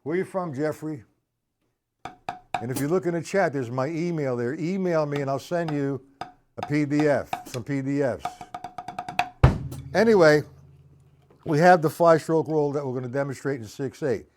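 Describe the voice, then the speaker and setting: A man's voice: on the high side, normal speed, pauses often, over music. A man teaching drum rudiments on a live stream, counting beats aloud and chatting with viewers in the chat.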